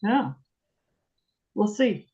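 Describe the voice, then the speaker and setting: A woman chats on a video call, telling lively stories and acting out the lines of the people in them. Her voice sits in a middle range. The call audio is somewhat dull and muffled. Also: medium pitch, drawn-out words. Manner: chatty, animated storytelling, acts out quotes. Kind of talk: casual chat.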